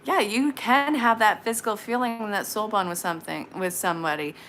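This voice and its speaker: A woman in her late thirties giving casual tarot readings on a live stream, chatty and frank with quick asides. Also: medium pitch, a bit bright, slight background noise. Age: 30s.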